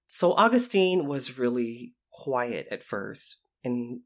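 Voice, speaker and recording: A man telling lively stories about his time as a youth intervention specialist, acting out the voices of the people in them. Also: mid-range voice, moderate pace, few pauses. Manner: animated, acts out quoted voices. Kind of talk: storytelling anecdote.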